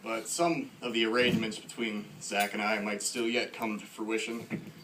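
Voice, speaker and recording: A man's voice: fairly low pitch, level tone, moderate pace, noisy background. A man in his twenties telling casual, self-deprecating stories at a stand-up open mic in a small bar. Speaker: first-time stand-up comedian. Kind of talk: stand-up comedy.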